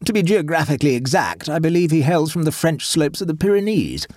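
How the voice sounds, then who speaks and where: A man voicing Sir Lulworth, an urbane, wry elderly English gentleman who speaks in dry, unhurried epigrams. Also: on the high side, big pitch swings, no room sound, voice pushed up.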